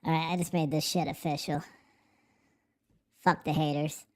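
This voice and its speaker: A man's voice: a little high, flat delivery, moderate pace, darkish tone. A man hosting a casual live stream from home, swearing freely, goofing around and answering the chat. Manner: profane, goofy, talks back to the chat. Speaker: livestream host.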